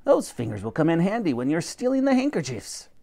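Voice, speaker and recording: A man's voice: on the high side, wildly swooping pitch, a little fast, gravelly, dark tone, voice pushed up, exaggerated voice. A man voicing a grand, snappish old professor who commands and lectures. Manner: commanding, pompous, bursts of rising emphasis.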